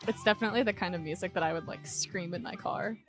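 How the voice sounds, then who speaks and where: A woman's voice: on the low side, quick pace, faint music behind. A young woman co-hosting a college radio show, chatting casually and gushing with self-mocking humor. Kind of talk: casual chat. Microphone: studio mic.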